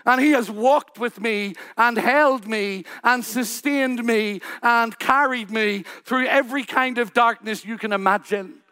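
A man's voice: very high-pitched, a little slow, hardly any pauses, pushed and bright, clear, resonant tone. A man preaching a sermon in church, building his points through repeated rhetorical questions and lists.

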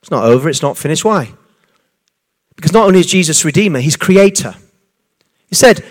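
A man preaching a sermon in an animated, conversational way, full of restarts and asides. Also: high voice, moderate pace, pauses often.

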